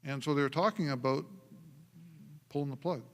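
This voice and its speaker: A man preaching a sermon as pastor, telling stories in an animated way and often laughing and restarting his sentences. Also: fairly high pitch, moderate pace. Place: church sanctuary. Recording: long church hall reverb.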